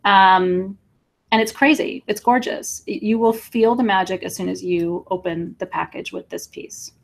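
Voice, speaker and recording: A woman hosting a live crystal sale online, talking excitedly to viewers in an emotional, gushing way and laughing often. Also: mid-range voice, normal speed, vocal fry. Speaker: livestream crystal seller. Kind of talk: live sales stream, chatting with viewers.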